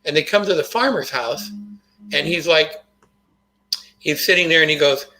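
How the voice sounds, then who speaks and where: An older man telling a story in an earnest, folksy way as an interview guest. His voice sits a little high and sounds sharp and bright. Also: moderate pace, low-quality recording. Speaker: guest, motivational author.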